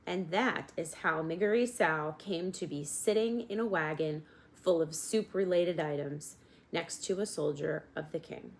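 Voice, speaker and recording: A woman narrating a storybook in a gentle, measured way, at times addressing the reader directly. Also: low voice, gravelly. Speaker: audiobook reader.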